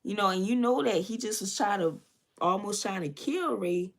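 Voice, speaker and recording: A woman's voice: medium pitch, expressive, normal speed. Woman vlogger, casual storytelling over makeup, loose and chatty. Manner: loose and chatty, many fillers and asides. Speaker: beauty vlogger.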